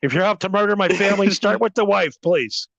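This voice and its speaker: A man's voice: high voice, a little fast, gravelly, fairly bright tone, dry recording, highs cut off. A man hosting a podcast in casual chat, crude and joking, laughing often. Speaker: podcast host.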